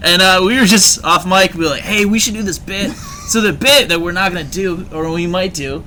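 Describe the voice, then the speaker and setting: A man's voice: sits high, fairly quick, sharp tone, slight background noise. A man in his forties hosting a casual comedy podcast, rambling and laughing often. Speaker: podcast host.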